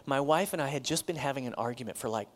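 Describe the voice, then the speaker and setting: A man's voice: mid-range voice, fast. A middle-aged man preaching as a pastor, telling a personal story in a conversational, self-deprecating way and laughing often.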